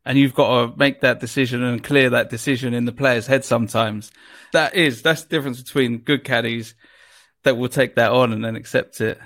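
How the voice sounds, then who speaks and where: A man's voice: medium pitch, steady tone, brisk, fairly bright tone. A man co-hosting a podcast, chatting casually and emphatically building on the guest's point. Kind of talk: casual chat.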